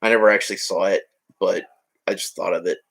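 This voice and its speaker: Low-voiced chatty man. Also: fairly even intonation, quick pace, a bit bright. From United States. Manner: chatty, rambling, joking asides. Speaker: hobby vlogger. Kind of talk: casual narration while building a toy set.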